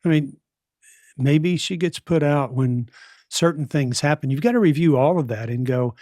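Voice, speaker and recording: A man's voice: a little high, normal speed, darkish tone, no echo, clean studio sound. A man, a parenting counselor, giving earnest and direct advice as a podcast guest. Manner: earnest, direct, asks pointed questions.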